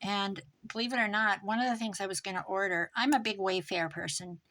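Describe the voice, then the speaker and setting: A woman talking casually and rambling off topic as she works on a craft project, her voice trailing off quieter at times. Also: medium pitch, steady tone, a little fast. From American Midwest. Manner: rambling, thinks aloud while working, drifts quieter. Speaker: craft vlogger. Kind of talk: chatty crafting monologue.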